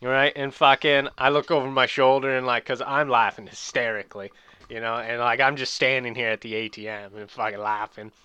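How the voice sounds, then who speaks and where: A young man chatting casually, telling rambling, profane stories and getting loud when amused. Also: medium pitch, fairly even intonation, fairly quick, clean tone, dry recording, lo-fi sound. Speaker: podcast host. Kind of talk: casual chat.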